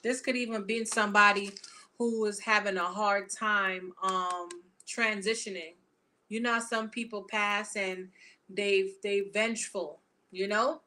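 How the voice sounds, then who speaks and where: A woman reading tarot cards for her viewers in a casual, animated, profane and chatty way. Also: medium pitch, measured pace. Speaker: tarot reader.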